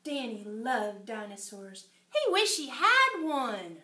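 A woman preschool teacher talks to small children and reads them a storybook. Her voice is high and bright, and she swoops up and down with great expression. The echoey classroom rings around her. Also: big pitch swings, slow, hardly any pauses. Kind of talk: circle time lesson and read-aloud.

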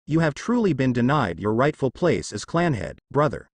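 A man's voice: medium pitch, big pitch swings, normal speed, no echo. A man voicing a stern, solemn middle-aged male clan head.

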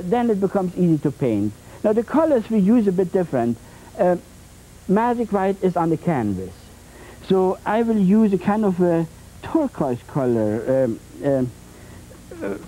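A man demonstrating oil painting on a 1980s TV show, talking in a halting, repetitive way with many fillers and playful folksy phrases. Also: sits high, mellow, slight background noise, low-quality recording. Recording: 1980s TV tape transfer.

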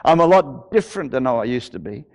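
A man's voice: mid-range voice, big pitch swings, a little fast, a little mellow. An older man, a pastor from Australia, preaching a sermon with passion, repeating words for emphasis and stammering now and then as he tells his story. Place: church.

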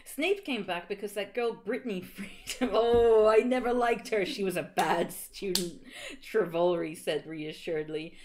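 A woman's voice: medium pitch, a little slow, a little mellow. A woman streamer reading fan fiction aloud on a livestream, giggling, reading melodramatically and tripping over misspelled words. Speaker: streamer host.

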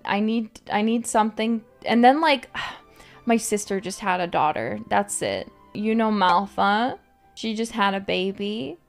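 A woman streamer rambling in casual late-night chat, giggling often and filling her talk with "like". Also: mid-range voice. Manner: rambling, giggly, filler-heavy "like".

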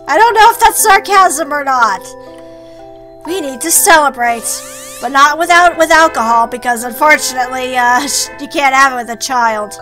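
A young woman provides let's play commentary, exasperated and swearing at the video game while reading its text aloud. Her voice is high and her pace moderate, with faint game music in the background.

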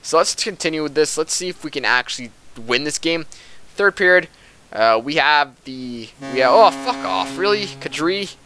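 A young man giving casual, excitable commentary over a hockey video game, talking to the players on screen. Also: fairly high pitch, normal speed, a little hiss or hum. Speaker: gaming commentator.

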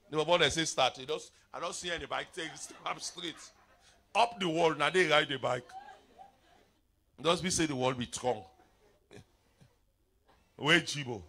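Preacher man, middle-aged, bright voice sitting a bit high, pidgin english sermon, jumps from mutters to shouts. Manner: animated preaching in pidgin-laced English, sudden shouts and playful asides. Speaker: apostle preaching at a revival.

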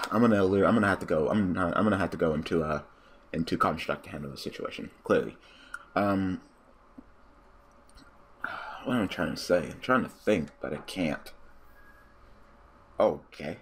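A man giving casual let's-play commentary, cursing freely and breaking into loud, excited outbursts and laughter. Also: low voice, normal speed, pauses often, slight background noise. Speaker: gaming commentator.

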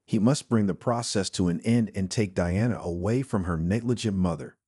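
Low-voiced male story narrator. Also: normal speed, warm tone, husky, no echo, studio quality. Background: faint music.

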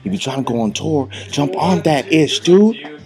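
A man announcing tour dates in a joking, hyped-up comic style, laughing and shouting catchphrases. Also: a little high, expressive, moderate pace, gravelly. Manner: hyped, joking, repeated shouted "Don't sleep!"; laughs between lines, playful slang. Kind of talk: jokey hype announcement.

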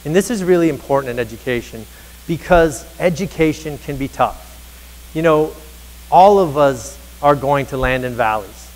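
Lively man speaking in a hall. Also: fairly high pitch, normal speed. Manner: energetic storyteller, acts out dialogue. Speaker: keynote speaker on teacher happiness. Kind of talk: motivational conference keynote. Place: large conference hall. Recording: reverberant hall.

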